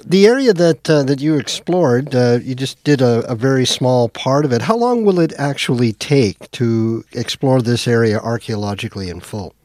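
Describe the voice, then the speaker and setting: A man hosting a radio interview, asking brief, measured questions. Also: medium pitch, expressive, a little mellow, no room sound, clean studio sound.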